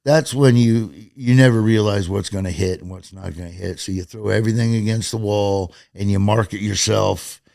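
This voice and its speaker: Middle aged guy, gravelly voice, animated storyteller, dry close sound. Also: on the low side, normal speed, hardly any pauses, no room sound. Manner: animated storyteller, acts out quotes in raised voices. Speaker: stand-up comedian. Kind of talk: casual storytelling in an interview.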